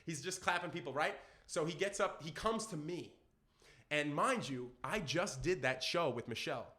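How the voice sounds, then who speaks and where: A young man from Brooklyn tells stories on a podcast. His voice is bright and pitched a little high. He gets excited and acts out everyone in the story. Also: moderate pace. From Brooklyn, New York. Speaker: podcast guest, children's entertainer. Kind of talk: animated storytelling in casual chat.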